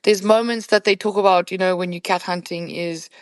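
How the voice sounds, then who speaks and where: A woman who works as a professional hunting guide, a podcast guest retelling a night hunt in animated, conversational storytelling full of "you know" fillers. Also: lowish voice, brisk, no room sound.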